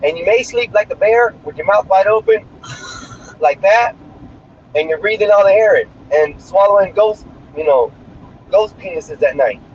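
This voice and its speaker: A streamer with a high, expressive voice talks at normal speed while driving, livestreaming in a brash, crude, rambling way. His phone mic inside the moving car gives a muffled sound with faint road noise.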